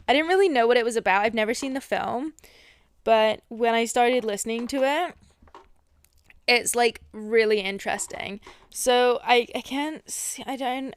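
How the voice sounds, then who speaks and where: Smooth-voiced teasing woman. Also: a little high, dry recording. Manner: laughs often, teasing. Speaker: podcast co-host. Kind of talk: casual chat.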